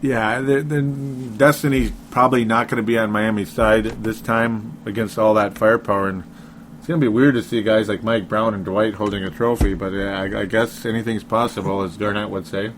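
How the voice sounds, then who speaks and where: A man's voice: lowish voice, fairly even intonation, brisk, slight background noise. A man co-hosting a casual sports podcast, rambling, laughing often and breaking off his own sentences. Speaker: podcast co-host.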